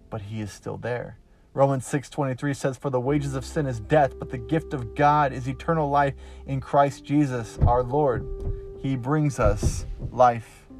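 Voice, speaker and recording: Slow, earnest male preacher over soft guitar. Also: mid-range voice. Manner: slow, earnest, emphatic with pauses. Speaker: podcast preacher. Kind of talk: devotional sermon.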